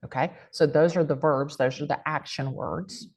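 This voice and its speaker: Low-voiced woman with a country accent. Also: normal speed, a little mellow. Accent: American country. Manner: emphatic, folksy catchphrases. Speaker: real estate agent and guest speaker. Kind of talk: motivational interview talk.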